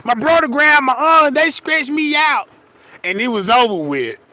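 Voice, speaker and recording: A middle-aged man telling a comic story in a casual, profane, animated way, acting out scenes and checking in with his listeners. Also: extremely high pitch, normal speed.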